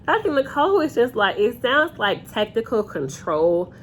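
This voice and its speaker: A woman's voice: on the high side, sing-song, moderate pace, a little hiss or hum. A young woman giving a casual, opinionated reality TV recap straight to her viewers on a phone camera. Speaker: reality TV reviewer.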